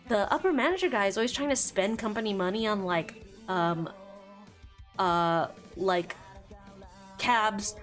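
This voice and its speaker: A female streamer chats casually as she draws, recounting a plot in a rambling, giggly manner. Her voice sits at a medium pitch and has a fairly bright tone.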